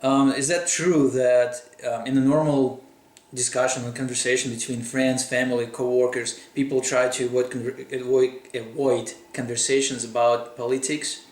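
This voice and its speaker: A man whose first language is Russian puts casual questions to a guest in English, stopping and restarting as he searches for words. His voice sits at an ordinary middle pitch. The room around him gives a noticeably echoey sound. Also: flat delivery, far from the mic. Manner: halting, rephrases questions with many fillers. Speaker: interviewer. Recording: roomy echo.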